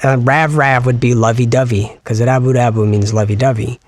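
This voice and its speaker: A man co-hosting a podcast in casual chat, explaining at length and slowing down to spell out sounds. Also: mid-range voice, fairly even intonation, no echo, clean studio sound. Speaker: podcast co-host.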